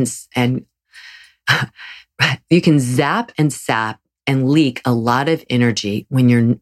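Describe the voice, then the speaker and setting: A yoga teacher hosts her own podcast in a solo episode, speaking earnestly and with encouragement while often restarting her sentences. Her voice is very deep.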